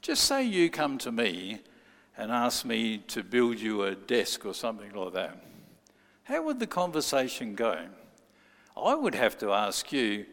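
A man's voice: medium pitch, wildly swooping pitch, measured pace, a bit bright. A man preaching a sermon, telling a story and acting out the people in it. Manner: storytelling, acts out quoted voices. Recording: long hall reverb.

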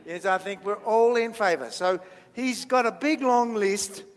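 A man's voice: high-pitched, measured pace. A man leading a playful children's talk in church, chatty and jokey, quizzing the audience as he draws. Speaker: minister giving a children's talk. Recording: long church-hall reverb.

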